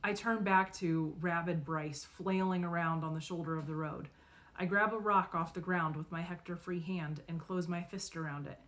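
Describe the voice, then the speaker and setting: Woman reading a story in first person, lowish but bright voice, lively delivery. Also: moderate pace. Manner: expressive, acts out dialogue. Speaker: audiobook reader. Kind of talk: first-person novel narration.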